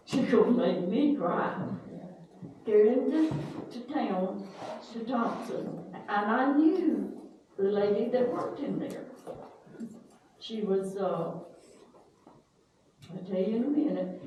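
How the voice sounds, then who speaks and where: An older woman in casual family storytelling, slow and folksy, pausing to search for names. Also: mid-range voice, dark tone, highs cut off. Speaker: family elder telling stories. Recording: echoey room, distant mic, faint hiss.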